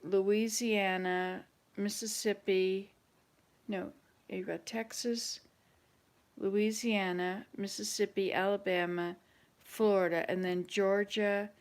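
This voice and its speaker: A woman's voice: mid-range voice, flat delivery, takes it slowly. A woman hosting a casual chat with online viewers, thinking aloud and hesitating as she searches her memory. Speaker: channel host.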